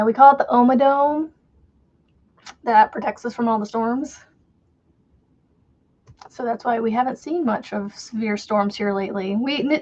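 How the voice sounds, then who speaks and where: A woman's voice: fairly high pitch, a little mellow, muffled recording. A woman with a faint Southern American accent, hosting a crochet livestream and chatting casually with viewers, rambling and laughing often.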